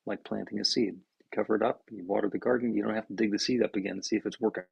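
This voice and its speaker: A man co-hosting a podcast as a minister, explaining in a halting way and often restarting his words. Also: fairly low pitch, fairly even intonation, darkish tone, no echo, lo-fi sound. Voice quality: gravelly, husky.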